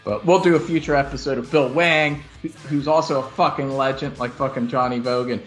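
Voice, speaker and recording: A man hosting a casual music podcast, animated, laughing often and swearing freely. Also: medium pitch, fairly quick. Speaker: podcast host. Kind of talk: casual chat about music.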